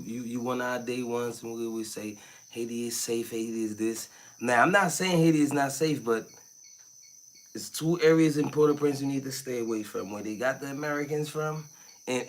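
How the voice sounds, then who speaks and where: A man co-hosting a livestream, giving low-key warnings in a laid-back way. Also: moderate pace. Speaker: co-host. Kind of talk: casual livestream chat.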